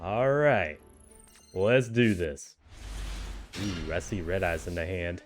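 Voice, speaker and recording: A man giving casual, excitable play-by-play commentary on a card game tournament, chuckling often and cheering the players on. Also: low-pitched, slow, soft background music.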